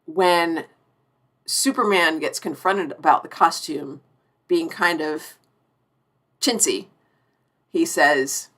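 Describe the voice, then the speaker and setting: A woman's voice: sits low, takes it slowly, pauses often, a bit bright. Gushing chatty woman around forty. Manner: effusive, chatty, restarts sentences often. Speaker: TV review streamer. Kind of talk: live-stream review chat.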